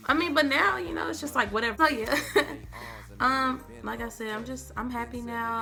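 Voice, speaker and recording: Young woman vlogger, dramatic storyteller, slightly high. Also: normal speed, gravelly. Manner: animated, dramatic, acts out quotes. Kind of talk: storytime vlog. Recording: faint background music.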